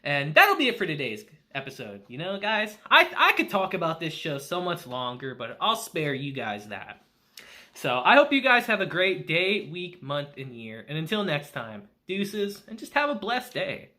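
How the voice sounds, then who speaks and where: Hyped guy chatting about an anime ep, bright sharp voice, laughs constantly. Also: a little high, normal speed. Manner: excitable, laughs often. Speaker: anime reviewer. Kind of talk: casual review chat.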